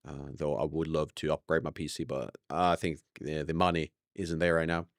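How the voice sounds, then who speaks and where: Low male voice, casual live-stream chat, rambling, self-correcting, dry sound. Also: little pitch movement, moderate pace, dry recording.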